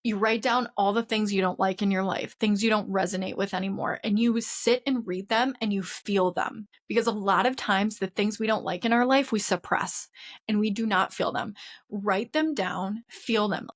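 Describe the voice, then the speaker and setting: A woman's voice: mid-range voice, moderate pace. A woman hosting a podcast, giving a casual spiritual wellness lesson mixed with personal stories, in an earnest and open conversational way. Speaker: podcast host.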